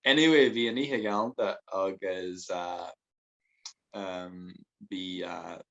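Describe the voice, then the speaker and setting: Low-voiced man telling rambling stories. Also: fairly even intonation, takes it slowly, gravelly, a bit bright, dull audio. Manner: rambling, switches between Irish and English, laughs often. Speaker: podcast guest. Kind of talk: casual storytelling chat.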